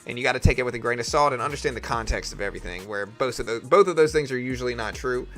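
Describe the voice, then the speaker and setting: A man's voice: mid-range voice, rapid-fire, fairly bright tone. A young man casually talking markets on a live trading stream, opinionated and chatty as he reads out chat messages.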